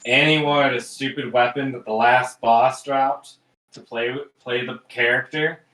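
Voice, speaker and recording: A man co-hosting a casual family chat, telling animated stories with exaggerated asides. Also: mid-range voice, measured pace. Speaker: podcast co-host. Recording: roomy, distant mic.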